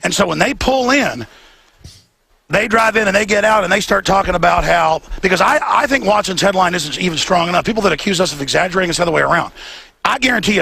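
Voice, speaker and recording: A male host ranting fervently on location outdoors. His voice sits high and heavily gravelly, hard-edged and forceful, with faint noise behind. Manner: fervent, rapid, repetitive ranting. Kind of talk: heated on-location commentary. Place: outdoors outside an event venue.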